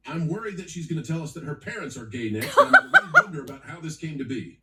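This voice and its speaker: A man's voice: fairly high pitch, wildly swooping pitch, racing, crowd noise. A man co-hosting a casual chat, teasing and joking in a playful way.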